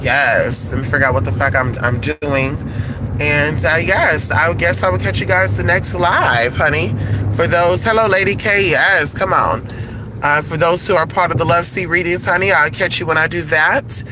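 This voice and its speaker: Live-streaming from his car while driving, a flamboyant man chats away, calling everyone honey, swearing freely and gushing. His voice is a little high with a steady tone at normal speed, and loud music plays over him in a noisy background.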